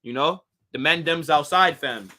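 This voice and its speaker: A man's voice: fairly high pitch, measured pace, bright, forceful tone. An American man putting on a London accent to voice a swaggering young street talker full of slang. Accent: put-on London.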